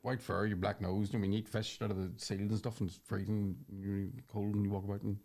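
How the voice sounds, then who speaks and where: A man's voice: lowish voice, level tone, fast, vocal fry, warm tone. A man doing a fed-up, swearing mummy polar bear. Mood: exasperated. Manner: exasperated, sweary.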